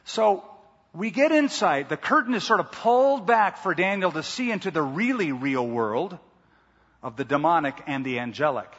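A man preaching a sermon, reading scripture and breaking off into lively, conversational asides. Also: a little high, normal speed, slightly rough. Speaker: pastor. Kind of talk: expository sermon. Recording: dull lo-fi sound with long hall reverb.

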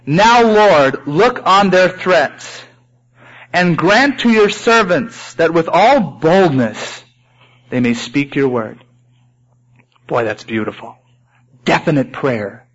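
Man, preacher, sermon, animated, high-pitched, muffled old recording. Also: takes it slowly, long pauses. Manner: animated, acts out prayers in raised voices. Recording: dull lo-fi recording.

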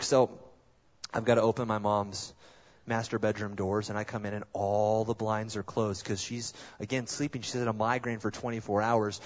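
A male pastor preaching a sermon, telling stories in an animated way with self-deprecating humor. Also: fairly low pitch, moderate pace. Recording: dull lo-fi sound.

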